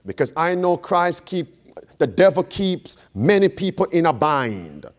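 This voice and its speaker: A man's voice: fairly high pitch, sing-song, measured pace. A man preaching an interactive Bible study, quizzing his audience and repeating key phrases for emphasis. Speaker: preacher teaching a Bible class.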